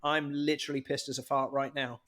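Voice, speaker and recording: A man's voice: medium pitch, little pitch movement, a little fast, a bit bright. A man co-hosting a podcast, telling a story in a chatty, jokey way. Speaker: podcast co-host. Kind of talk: casual podcast chat.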